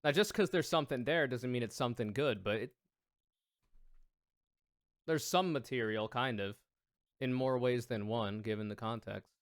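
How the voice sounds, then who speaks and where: A man's voice: mid-range voice, moderate pace, pauses often, no echo. A man chatting casually on his livestream, rambling and joking at his own expense. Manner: rambling, self-mocking, jokey.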